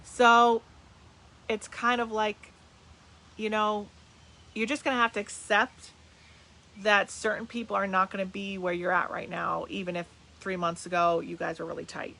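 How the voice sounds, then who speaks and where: A bright, energetic middle-aged woman talks to her viewers over a webcam. She is from New Jersey and hosts a live stream as a medium, greeting people by name and chatting loosely. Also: mid-range voice, normal speed, vocal fry, long pauses. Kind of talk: casual live-stream chat. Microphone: webcam on a video call.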